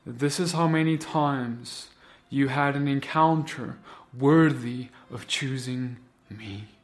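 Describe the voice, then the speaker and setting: A man voicing a calm, solemn Jesus figure who asks slow, measured questions in a vision story. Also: medium pitch, faint music behind.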